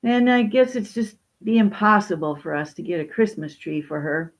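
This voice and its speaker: A woman voicing a gentle, kind-hearted male dog in a storybook tale. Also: mid-range voice, flat delivery, moderate pace, lightly acted. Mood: earnest.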